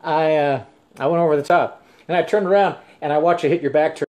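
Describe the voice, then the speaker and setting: A man's voice: a little high, a little mellow. An older man, a musician hosting his own live stream, telling rambling stories between songs with many restarts and fillers. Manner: halting, full of restarts and fillers.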